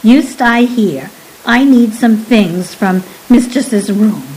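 A woman voicing a sullen, sly young nanny with rough working-class speech. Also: a little high, slow, darkish tone, slight background noise, poor audio. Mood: snappish.

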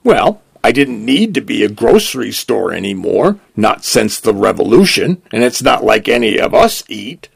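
A man voicing a cheerful, once-fussy robot grocery store that has taken in a dog, in a bright, fond manner. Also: on the low side, big pitch swings, moderate pace, creaky, few pauses, breathy edge, dry recording, full character voice. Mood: earnest.

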